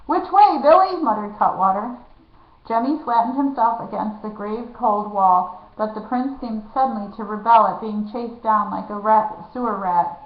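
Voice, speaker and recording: A woman reading a children's novel aloud, lively and dropping to a hush in tense moments. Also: medium pitch, normal speed. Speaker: reader. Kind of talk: storybook reading. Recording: echoey, dull lo-fi room.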